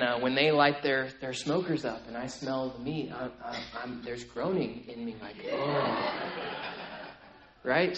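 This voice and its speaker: A pastor preaches conversationally, tagging lines with frequent "right?" and swinging between loud, emphatic stretches and quiet, low asides. The recording is rough.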